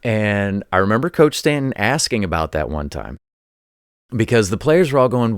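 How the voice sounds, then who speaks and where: A man's voice: fairly low pitch, sing-song, moderate pace, smooth, no echo, clean studio sound. A man hosting his own show, telling casual sports stories as a former college coach, rambling and often repeating his words. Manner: rambling, repeats words, acts out quoted voices. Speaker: show host. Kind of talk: casual commentary monologue.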